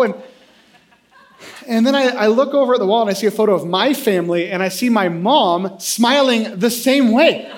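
Guy pastor with a high voice, jokey animated storytelling sermon. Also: moderate pace. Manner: animated, self-deprecating storyteller.

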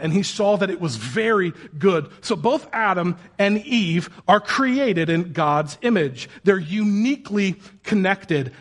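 High-voiced joking male preacher. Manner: lively, joking, bursts into sung and shouted asides. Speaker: pastor. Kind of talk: sermon.

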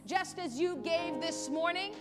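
A woman pastor preaching a sermon at a church service, animated and acting out pleading voices, laughing often. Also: very high-pitched, a little slow, in a large hall, music in the background.

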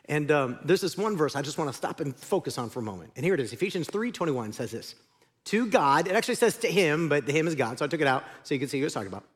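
A man's voice: on the high side, animated, fast, breathy edge. A man preaching a sermon as the pastor, conversational and joking, speaking in a large church auditorium.

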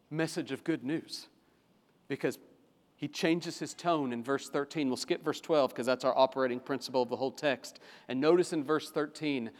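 A man with a high voice preaches to a congregation, swelling into fervent pleading as he drives home his points. His voice rings out with a long reverb in a large church sanctuary. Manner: impassioned, rising to fervent pleading. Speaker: pastor. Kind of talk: sermon.

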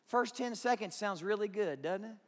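A man's voice: high-pitched, normal speed, long reverb tail. A man preaching a sermon as pastor, conversational and joking, acting out quotes to the congregation.

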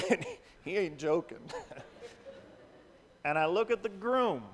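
Man preaching, high-pitched, animated storytelling, long hall reverb, church sanctuary. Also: slow pace, noisy background. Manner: animated, acts out quoted voices. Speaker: pastor. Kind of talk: sermon storytelling.

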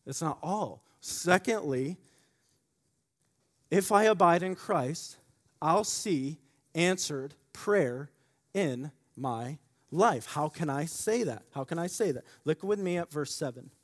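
A man preaching a sermon, repeating key phrases and swinging from loud emphasis to quiet asides. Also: a little high, lively intonation, slow. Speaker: pastor. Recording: long hall reverb.

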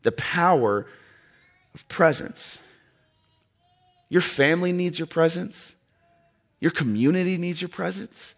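A man preaching a sermon in an earnest way, with dramatic pauses and soft drops in his voice. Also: on the high side, lively intonation.

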